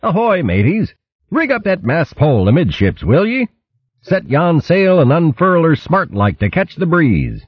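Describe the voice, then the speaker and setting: A crafty, jaunty mouse thief, put on by a man, tossing out mock-nautical orders with a sing-song, very lively lilt. The voice is husky and slightly muffled. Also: a little high, measured pace, no echo, pitched above the performer's own voice, full character voice.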